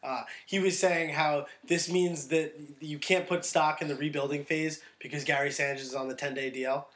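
A man co-hosting a sports podcast, joking around, his sentences often trailing off softly. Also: fairly high pitch, fairly even intonation, normal speed. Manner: joking, trails off into soft mumbles. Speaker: podcast co-host. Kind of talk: casual sports podcast chat.

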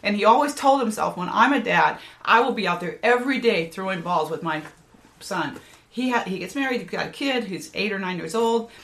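A woman's voice: medium pitch, brisk. An older woman who is a parenting coach, talking as a guest in a casual podcast conversation and telling stories with emphatic energy. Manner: animated, emphatic storyteller.

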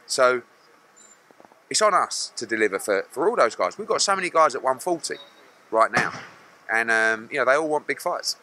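A man's voice: mid-range voice, animated, moderate pace, long pauses, bright, forceful tone. A middle-aged man, a boxing promoter answering press questions bluntly and acting out other people's lines.

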